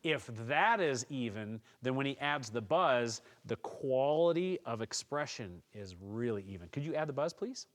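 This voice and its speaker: A man giving a calm, encouraging music lesson, explaining percussion technique step by step to students. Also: medium pitch, normal speed, hardly any pauses, a little hiss or hum. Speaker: music teacher. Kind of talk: instructional tutorial.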